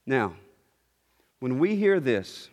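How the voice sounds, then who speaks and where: A man's voice: mid-range voice, big pitch swings, slow, darkish tone. A man preaching a sermon, earnest and teaching, often restarting his phrases. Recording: long hall reverb.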